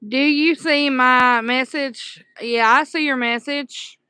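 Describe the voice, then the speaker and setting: A Southern woman chats through a casual livestream, answering her viewers with pet names. Her voice sits a bit high and bright, smooth and clear, recorded close and dry. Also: fairly even intonation, slow pace, no echo. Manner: chatty, affectionate, reads and answers chat aloud. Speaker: livestream host. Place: dark room at home at night.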